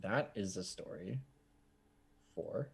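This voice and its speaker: A man's voice: deep voice, expressive, slow pace, vocal fry, a little hiss or hum. A man narrating as game master in a loose, chatty way, with many fillers.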